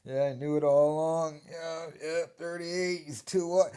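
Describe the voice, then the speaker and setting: A man's voice: fairly high pitch, steady tone, measured pace, warm tone, smooth, voice pushed up, close to an everyday voice. A man mockingly impersonating a smug, know-it-all male podcaster in an exaggerated sing-song voice. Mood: gloating.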